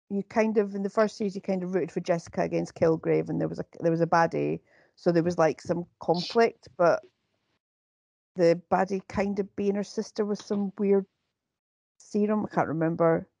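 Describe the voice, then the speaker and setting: A woman's voice: fairly low pitch, steady tone, moderate pace, gravelly, a little mellow, no echo. A woman chatting as a guest over a video call, plain-spoken and decisive. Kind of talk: casual chat.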